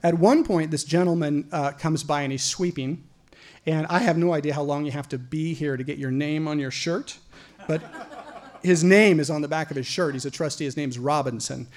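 A man from Idaho telling a personal story to an audience, animated and profane, often stumbling into repeated words. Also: a little high, moderate pace. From Idaho, USA.

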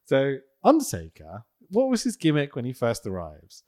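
A man's voice: medium pitch, wildly swooping pitch, normal speed, mellow. A man co-hosting a casual wrestling podcast, jokey and sweary, often laughing. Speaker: podcast co-host.

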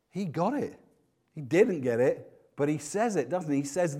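A man preaching a sermon, swinging between loud, emphatic passages and hushed, slow ones. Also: mid-range voice, lively intonation.

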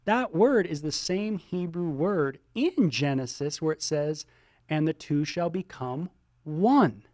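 A middle-aged male pastor teaching a sermon, animated and conversational, with many ums and exclamations. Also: fairly high pitch, takes it slowly, no echo, studio quality. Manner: animated, exclaims and voices imagined listener reactions; many ums and you-knows.

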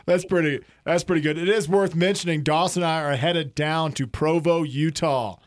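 A man's voice: a little high, steady tone, a little hiss or hum. A man hosting a casual sports talk radio show, joking and laughing with his co-hosts. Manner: jokey, laughs often, quick banter.

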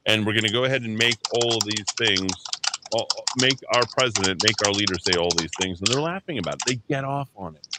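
A weary man with a lowish voice hosts talk radio from a studio, delivering a blunt, combative political rant. The recording is very noisy, with constant keyboard typing and clicking behind him.

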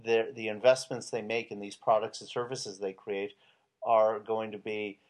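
Male co-host, wry joker, relaxed casual talk. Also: lowish voice, moderate pace. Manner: wry, jokey asides.

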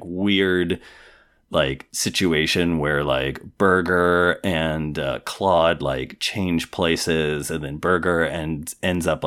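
A man's voice: rumbling low, fairly bright tone. A man co-hosting a podcast in casual chat, telling a long story and filling his speech with "like". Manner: rambling storyteller, fills speech with "like".

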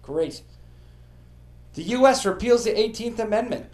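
A man's voice: high voice, lively intonation, a little slow, darkish tone. A man hosting a podcast, telling comedic history stories with a profane, joking delivery. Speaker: podcast host.

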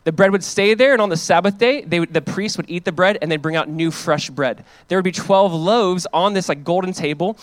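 A young male pastor teaching a sermon in an easy, chatty way, often checking in with his listeners. His voice sits high for a man. The sound is close and dry, with no room echo. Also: brisk, few pauses. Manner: casual, conversational teaching with checks on the audience. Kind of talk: expository sermon.

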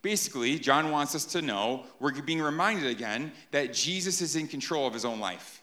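Bright-voiced man preaching a sermon. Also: on the high side, normal speed. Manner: animated, keeps checking in with "right?". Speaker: pastor. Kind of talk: sermon to a live congregation.

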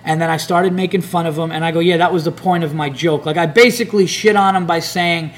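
A man with a slightly raised pitch tells a long, swearing-laden story in casual podcast chat. He rambles and acts out other people's lines. A faint hum sits under the recording. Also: fairly quick, hardly any pauses. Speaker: comedian podcast host.

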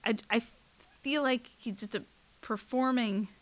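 A young woman co-hosting a podcast, telling stories in a wry, sarcastic, animated way. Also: fairly high pitch, measured pace. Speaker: podcast co-host. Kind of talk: casual chat.

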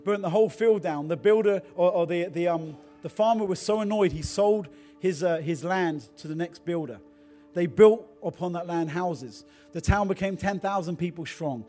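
A middle-aged man preaches with a fairly high voice, moving from easy personal stories into fervent exhortation. A faint music bed plays softly beneath his sermon. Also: normal speed. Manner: storytelling, then builds to fervent exhortation. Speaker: pastor.

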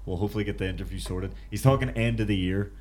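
A man's voice: lowish voice, rapid-fire, a little mellow, slight background noise. A man with a Belfast accent co-hosting a podcast, chatting casually and rambling with lots of restarts. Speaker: podcast co-host. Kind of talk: casual chat.

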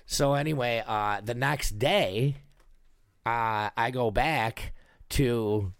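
A man's voice: mid-range voice, takes it slowly, creaky, dry recording, studio quality. A young man casually telling a wild story, swearing a lot and acting out the voices of the people in it. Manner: animated, swears a lot, acts out voices while telling stories.

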